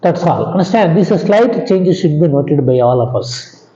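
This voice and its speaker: A man with an Indian English accent teaching an English grammar lesson, slow and repetitive, often asking "understand?" and letting his pitch drop at the ends of sentences. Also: expressive, mellow. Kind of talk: classroom lecture. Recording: echoey room, dull lo-fi sound.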